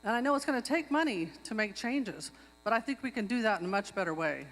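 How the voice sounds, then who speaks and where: A woman's voice: a little high, expressive, fast. A woman speaking up at a public tribal meeting, arguing her motion and repeating herself for emphasis. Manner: earnest, repeats herself when stressing a point. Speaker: tribal member making a motion. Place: outdoor pavilion. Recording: long hall reverb.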